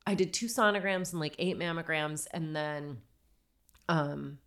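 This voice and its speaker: A woman's voice: low-pitched, measured pace, a bit bright. Wry forty-year-old woman telling a story. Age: 40s. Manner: wry, self-deprecating storyteller. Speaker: podcast co-host. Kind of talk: casual storytelling chat.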